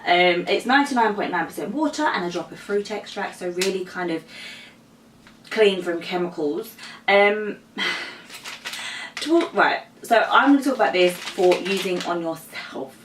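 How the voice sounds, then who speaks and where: In a casual home vlog, a young woman who is heavily pregnant talks to the camera a little out of breath, sprinkling in ums and likes at a measured pace. Her fairly low voice carries a little hiss or hum on the camera mic, which sits a bit far in an echoey room while a mower runs outside.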